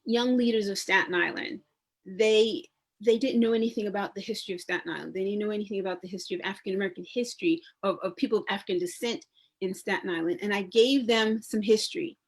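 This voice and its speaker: A woman, a public historian and genealogist speaking on a community panel, talking conversationally with frequent restarts and lively storytelling. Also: medium pitch, fast talker, slightly rough. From New York. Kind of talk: panel discussion.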